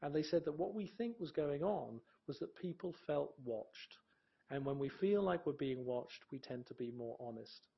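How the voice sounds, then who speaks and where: A man's voice: a little high, expressive, moderate pace, vocal fry, dull audio. A man giving a presentation talk in a conversational way, with fillers and restarts.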